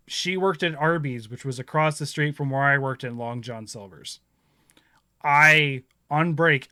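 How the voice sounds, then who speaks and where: A man's voice: fairly high pitch, pushed and bright, dry recording, clean studio sound. A man in his thirties hosting a casual chat, rambling through stories, laughing often and acting out what others said. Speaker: podcast host.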